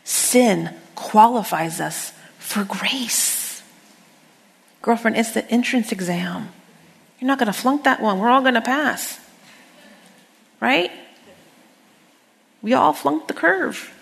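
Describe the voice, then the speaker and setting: A middle-aged woman teaching a women's Bible study, preaching in a lively, conversational way with humor and quoted scripture. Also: a little high, slow pace, creaky, long pauses. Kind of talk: sermon. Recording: long hall reverb.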